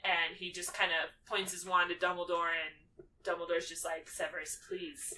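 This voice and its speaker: Bright-voiced woman recapping a movie. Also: fairly low pitch, moderate pace, distant mic, a little hiss or hum, rough recording. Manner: animated storytelling, acting out lines with filler "like". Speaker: podcast co-host. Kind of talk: casual movie recap chat.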